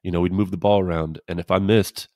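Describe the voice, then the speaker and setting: Low-voiced former pitcher telling stories. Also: male voice, fairly even intonation, quick pace, a little mellow, no echo, studio quality. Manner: laid-back, rambling anecdotes with quoted dialogue. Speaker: podcast co-host, former pro pitcher. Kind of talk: casual storytelling chat.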